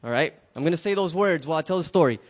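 A man's voice: on the high side, lively intonation, rapid-fire. Stammering man telling a story to a crowd. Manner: stammers and repeats words, talks directly to the listeners. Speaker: storyteller speaking to an audience. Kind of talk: casual live storytelling.

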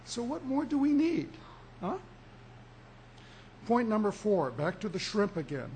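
A man preaching a sermon as pastor, with emphatic delivery and deliberate pauses that rise for emphasis. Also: high-pitched, very animated, a little mellow, slight background noise.

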